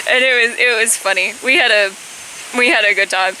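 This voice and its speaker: A woman in her twenties telling a casual storytime on her vlog, chatty, with high-pitched bursts when she quotes herself. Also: slow, pauses often, pushed and bright, a little hiss or hum, rough recording. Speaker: vlogger.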